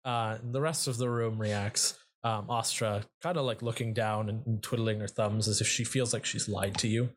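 Husky-voiced man running a tabletop game. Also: on the low side, steady tone, normal speed, few pauses. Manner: laughs often, many fillers. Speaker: dungeon master.

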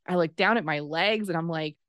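A woman in her thirties telling a personal story in casual conversation, acting out the quoted dialogue with lively swings in her voice. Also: fairly low pitch, brisk, no echo, studio quality. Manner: animated, acts out quoted dialogue.

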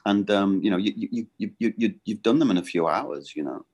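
A middle-aged man with a deep, low voice, chatting as a voice actor guest in a rambling, halting way. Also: lively intonation, a little mellow, slightly rough. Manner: rambling, halting and self-correcting. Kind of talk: casual interview chat.

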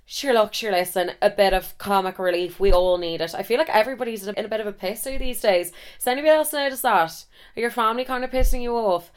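A woman's voice: medium pitch, fast, clear, resonant tone. A woman in her twenties with an Irish accent, telling funny stories on her podcast in a chatty, swearing, self-deprecating way. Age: 20s. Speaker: podcast host. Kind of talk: casual storytelling monologue.

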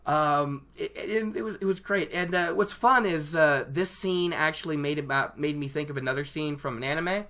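A book vlogger talking casually to their viewers, excitable and rambling, often restarting sentences and laughing at themself. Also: medium pitch, brisk, hardly any pauses. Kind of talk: casual book discussion to camera.

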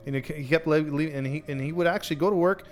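A man's voice: fairly high pitch, rapid-fire, soft background music. A man hosting a podcast, casually telling a true crime story with many restarts and acted-out quotes.

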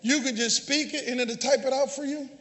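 A man preaching a sermon as pastor, calling out to the congregation and often shouting. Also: very high voice, fairly even intonation, fairly quick. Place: church sanctuary. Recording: long church hall reverb.

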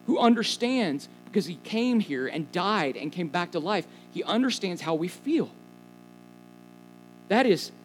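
A man's voice: a little high, rough recording. A man preaching a sermon in a conversational way, asking questions of the listeners and making casual asides. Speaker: pastor.

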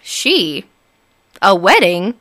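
A woman's voice: medium pitch, sing-song, extremely slow, fairly bright tone, exaggerated voice. A woman voicing a greedy rich man who talks in a dismissive, disbelieving way. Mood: scornful. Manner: incredulous, dismissive.

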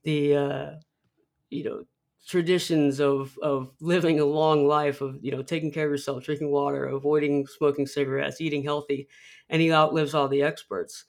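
A man's voice: on the high side, level tone, normal speed, creaky. A young man, a podcast guest, telling a personal story in a rambling way with many restarts. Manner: rambling, many restarts, acts out film quotes.

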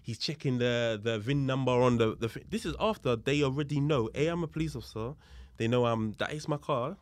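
A man, a guest on a podcast, telling a story in a lively, casual way and acting out the other people's voices, with street slang and swearing. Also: mid-range voice, fairly quick, no echo. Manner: animated, acts out the voices of people in his story. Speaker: podcast guest, police officer.

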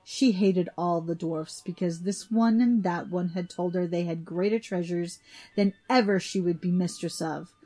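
A woman reading an old myth aloud in an even, deliberate storytelling manner. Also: lowish voice.

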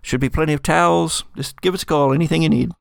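A man's voice: fairly high pitch, steady tone, fast talker, vocal fry, no echo, studio quality, voice pushed up. A man putting on a mock-British hotel concierge. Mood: obliging. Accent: fake British. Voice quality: hesitant, filler-heavy. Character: helpful male hotel concierge, fussy politeness.

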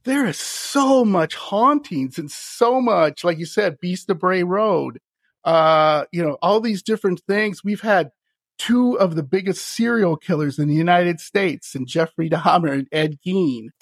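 Male podcast host, gravelly voice, lively storyteller who acts out the people he quotes. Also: sits high, unhurried, no room sound. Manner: animated, laughs often, acts out voices in his stories. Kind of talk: casual storytelling chat.

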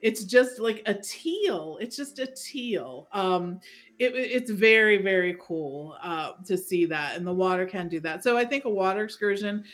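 A woman's voice: medium pitch, animated, measured pace, fairly bright tone, soft background music. Friendly woman giving travel advice. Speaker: podcast co-host. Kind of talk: casual podcast chat.

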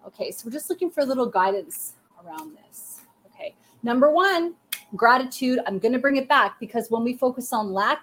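Hosting a live psychic reading stream, a woman warmly encourages the viewers she addresses directly. Her voice is a little high, and a faint hiss or hum runs under the audio.

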